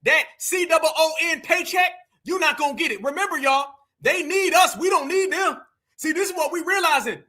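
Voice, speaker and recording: A man giving heated, profane reaction commentary and often shouting. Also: extremely high pitch, moderate pace. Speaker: political commentator reacting to clips.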